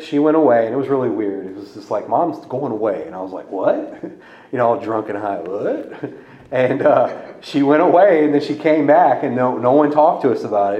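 A man's voice: medium pitch, darkish tone. Man from Louisiana, frank testimony talk, wry humor, roomy and slightly dull sound. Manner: candid, wry, laughs at his own story. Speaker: speaker sharing a recovery story. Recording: dull echoey room sound.

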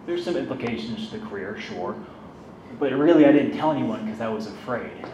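A man's voice: mid-range voice, lively intonation, fairly quick, mellow, highs cut off. Man telling his story in an echoey room. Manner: candid, self-deprecating, conversational. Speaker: speaker sharing his recovery story. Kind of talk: personal storytelling talk. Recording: roomy, distant mic, background noise.

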